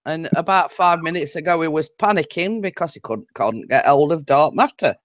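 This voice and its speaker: A woman's voice: low-pitched, lively intonation, moderate pace, lo-fi sound. A woman co-hosting a live stream over a call, casual and easygoing in her banter. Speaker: co-host on a call. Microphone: call audio.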